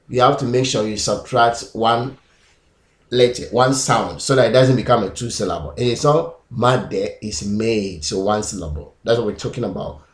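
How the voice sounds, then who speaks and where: A man teaching pronunciation, repeating example words slowly and syllable by syllable. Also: medium pitch. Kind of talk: classroom-style lesson. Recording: echoey room.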